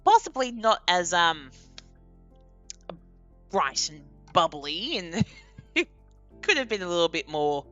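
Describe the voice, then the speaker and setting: A young woman streaming a game and chatting casually, animated and laughing often. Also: lowish voice, slow pace, long pauses, lo-fi sound, soft background music. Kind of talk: casual live-stream chat.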